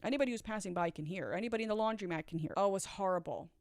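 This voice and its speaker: A young woman speaks earnestly into the camera as she tells a personal story, acting out the dialogue as she goes. Her voice sits at a middle pitch. The sound is dry and close, with no room echo. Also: very fast. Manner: earnest, emotional retelling with quoted dialogue.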